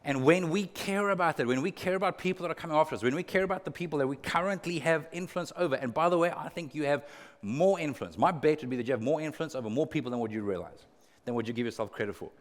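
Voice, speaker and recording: A man's voice: a little high, fast, big-room sound. A male pastor preaching a sermon in an earnest way, repeating words for emphasis and adding humorous asides. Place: church auditorium.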